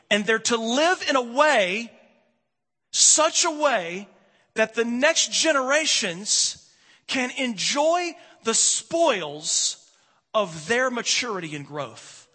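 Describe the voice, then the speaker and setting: A man preaching a sermon as pastor, emphatic, with dramatic pauses, swinging between loud and hushed lines. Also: high-pitched, breathy edge. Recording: reverberant hall.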